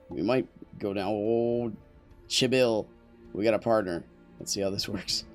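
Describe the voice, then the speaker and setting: Casual gameplay commentary from a young man who rambles and jokes with his chat and teammates. He speaks a little slowly in a lowish voice over soft background music.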